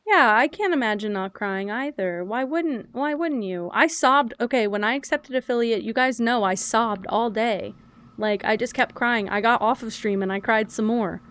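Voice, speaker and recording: Chatting casually and openly as she plays a game, this young adult woman streamer is animated and talkative and calls herself loud and yappy. Her fairly high, smooth voice moves at normal speed.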